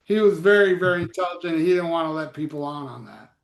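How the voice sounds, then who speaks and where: A man with a fairly high voice chats casually as a show host. He tells animated stories and swears freely. The sound is roomy and echoey. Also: quick pace, slight background noise. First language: Spanish. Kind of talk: casual chat.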